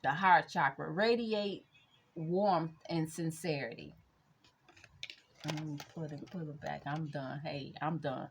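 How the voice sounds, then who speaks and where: Chatty woman with a low voice. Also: steady tone, slight background noise. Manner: chatty, rambling, addresses viewers as y'all; slow reflective affirmations. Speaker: spiritual reader and vlogger. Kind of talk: casual spiritual chat vlog.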